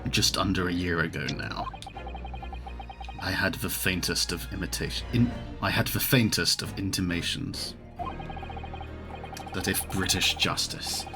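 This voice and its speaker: A man voicing a proud, bitter British male prosecutor in a fan-read game, speaking with grave, deliberate formality. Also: sits low, fairly even intonation, music in the background.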